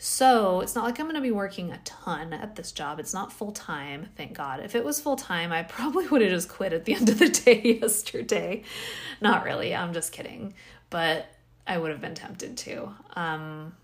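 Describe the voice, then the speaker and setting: A woman with a slightly low voice hosts a casual solo podcast. She sounds tired and drained, and she rambles, sighing and laughing softly as she questions herself. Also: expressive, moderate pace. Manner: rambling, self-questioning, with sighs and small laughs. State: tired, yawning. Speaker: podcast host.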